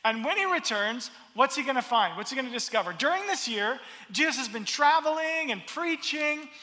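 A man preaching a sermon, expressive and repeating his words as he builds each point. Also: extremely high pitch, moderate pace, long reverb tail. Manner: expressive, acts out crowd voices, repeats words. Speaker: pastor.

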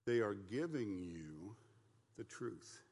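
A man's voice: fairly low pitch, animated, slow pace, a little mellow, husky. An older man leading a church Bible study class, teaching in a folksy, joking way and asking the group questions. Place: church meeting room. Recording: long hall reverb.

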